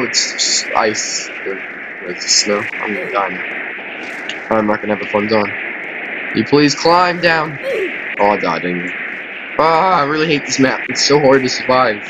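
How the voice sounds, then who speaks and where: A tired man giving rambling, chatty commentary over a video game, with quieter mumbled asides. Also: fairly low pitch, animated, normal speed, background noise. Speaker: gameplay commentator.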